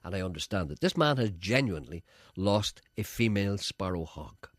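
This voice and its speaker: A man's voice: deep voice, animated, normal speed, no echo, studio quality. A man hosting a radio show, rambling through a story and acting out the lines of the people in it. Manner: rambling storyteller, acts out quotes, laughs at own tales. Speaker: radio host. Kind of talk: casual chat.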